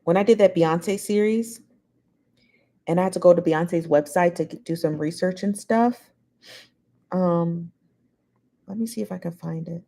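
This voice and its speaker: A woman's voice: on the low side, measured pace, pauses often, dark tone. A woman hosting a live show, chatting casually and reading out viewer comments in a rambling, gossipy way, full of fillers.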